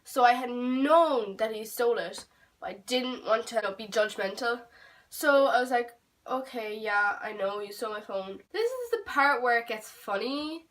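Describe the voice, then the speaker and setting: Young woman, storytime vlog, rambling, swears, fairly high voice, distant mic. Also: normal speed. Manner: rambling, animated, swears freely. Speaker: vlogger. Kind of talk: storytime vlog, casual chat. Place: home room. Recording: voice a bit far from the mic.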